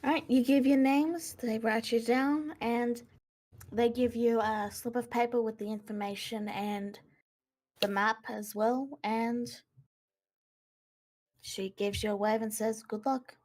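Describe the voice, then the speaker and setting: A woman running a tabletop role-playing game, narrating scenes and asking players for decisions in a relaxed manner. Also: a little high, takes it slowly. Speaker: game master.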